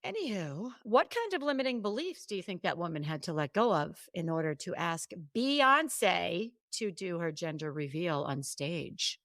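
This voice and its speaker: A woman co-hosting a podcast, telling stories in an animated, chatty way with quick asides and restarts. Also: fairly low pitch, dry recording, clean studio sound. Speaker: podcast co-host and coach. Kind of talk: casual podcast chat.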